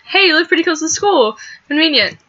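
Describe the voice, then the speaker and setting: A woman voicing Mari, an excitable cheerful teenage girl in a game, in a high gushing voice. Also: a little fast, dull audio. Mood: eager.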